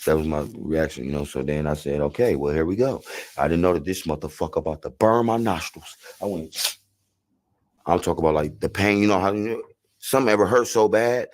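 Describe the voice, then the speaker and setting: Interviewee, man with an LA accent, very deep voice, loose street-slang storyteller who curses freely. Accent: Los Angeles. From South Central Los Angeles. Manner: slangy, rambling, profane, acts out voices loudly.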